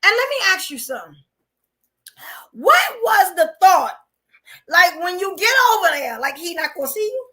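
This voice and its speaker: A woman from New hosts a live podcast. Her voice sits very high and sounds bright and forceful. She comments bluntly and animatedly, laughing often. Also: big pitch swings, moderate pace, pauses often. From New York. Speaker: podcast host.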